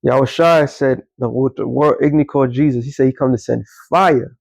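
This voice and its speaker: Male commentator, emphatic and rambling, mid-pitch voice, dry close sound. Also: fairly quick, vocal fry, darkish tone, dry recording, poor audio. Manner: emphatic, rambling, with self-corrections. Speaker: online commentator. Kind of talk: casual religious commentary.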